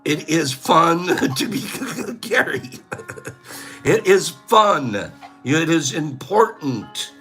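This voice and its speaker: Host, male, middle-aged: goofy, laugh-prone, high bright voice that swings wildly, unhurried, light music underneath. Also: animated. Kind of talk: casual livestream chat.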